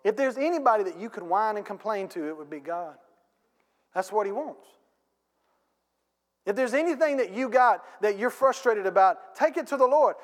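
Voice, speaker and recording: Pastor, man, high-pitched, folksy emphatic preacher, church hall reverb. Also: animated, normal speed. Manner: folksy preaching with casual grammar; emphatic, rising to loud peaks. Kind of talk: sermon. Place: church sanctuary.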